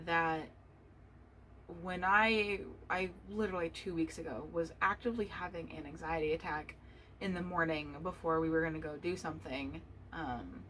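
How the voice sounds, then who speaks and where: Candid young woman, lowish voice, faint noise. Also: a little slow, bright, forceful tone, poor audio. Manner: candid, emotional, swears freely, restarts often. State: choked up, tearful. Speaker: podcast host. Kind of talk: personal solo podcast talk.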